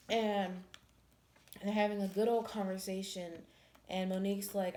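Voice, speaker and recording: A woman's voice: medium pitch, flat delivery, moderate pace, pauses often, darkish tone, a little hiss or hum. A woman reviewing a book in casual chat, retelling the plot in a blunt, profane, exasperated way.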